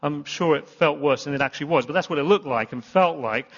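A man's voice: fairly high pitch, a little fast, a bit bright, husky. A man giving a sermon as a pastor, telling a rambling, self-deprecating story full of restarts. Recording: long reverb, muffled hall sound.

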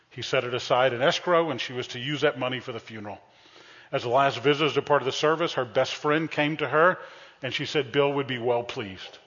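This man's mid-range voice is a bit bright and slightly rough as he preaches a comic sermon. Teasing and playful, he speaks straight to his congregation and calls out to them. Everything sounds dull and echoey, recorded in a church sanctuary.

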